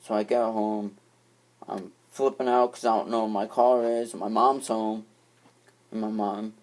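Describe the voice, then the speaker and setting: Young male vlogger, slightly low pitch, loose storyteller who backtracks and swears casually. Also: little pitch movement, measured pace, a little mellow. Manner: rambling, with frequent restarts and swearing.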